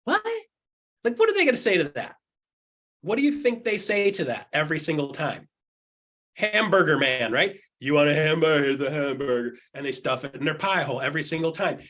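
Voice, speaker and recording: A middle-aged man coaching real estate agents on a video call, animated, acting out quotes in jumpy voices. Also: a little fast. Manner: animated, acts out quotes with jumps in pitch. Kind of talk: energetic coaching talk.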